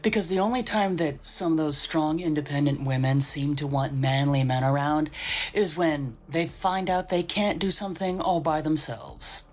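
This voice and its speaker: Low, sardonic woman narrating. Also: normal speed, a little mellow. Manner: sardonic, lecturing. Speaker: commentary narrator. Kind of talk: scripted narration.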